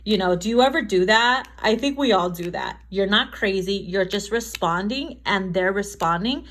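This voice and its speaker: A woman's voice: medium pitch, moderate pace, a bit bright, a little hiss or hum. A woman giving a casual tarot reading to camera, chatty and profane, often laughing and acting out quotes. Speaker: tarot reader.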